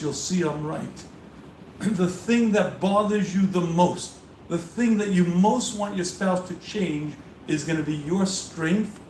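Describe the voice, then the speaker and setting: A high-voiced man lectures a live audience as a rabbi, pressing his points with emphatic repetition. He sounds distant from the mic in an echoey hall with faint noise behind. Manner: emphatic, repeats warnings, acts out questions. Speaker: rabbi giving a marriage seminar.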